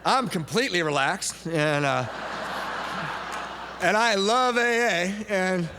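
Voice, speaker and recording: Animated man telling his story. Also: sits high, takes it slowly. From United States. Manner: animated, laughing, acts out quoted voices. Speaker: recovery meeting speaker. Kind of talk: personal storytelling talk. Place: large event hall. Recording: echoey hall recording with faint hum.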